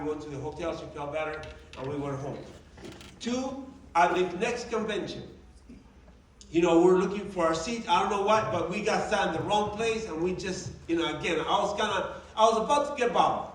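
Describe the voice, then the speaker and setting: A man, a coach and motivational speaker, tells personal stories to a live audience in an animated, emotional way. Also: high-pitched, slight background noise. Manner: animated, emotional storytelling with shifting volume and quick asides. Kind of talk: storytelling talk to a live audience. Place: large event room. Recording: echoey hall, distant mic, audience nearby.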